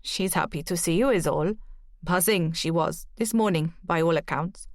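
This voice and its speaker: A woman voicing a gruff, friendly older Welsh countryman with a heavy accent in an audiobook. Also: lowish voice, moderate pace, no room sound, studio quality, close to an everyday voice. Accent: heavy Welsh accent, put on. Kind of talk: audiobook character voice.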